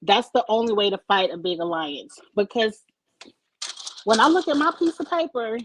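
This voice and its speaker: A woman's voice: on the high side, big pitch swings, moderate pace, a bit bright, a little hiss or hum, rough recording. A woman co-hosting a casual chat show, talking in a chatty, opinionated, slangy way. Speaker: podcast co-host. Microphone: desk mic.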